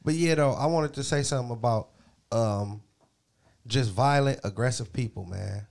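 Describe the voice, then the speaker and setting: A man's voice: mid-range voice, moderate pace, creaky, a little mellow. A man co-hosting a casual podcast, talking earnestly and profanely about growing up as a man. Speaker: podcast co-host. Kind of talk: casual chat. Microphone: studio mic.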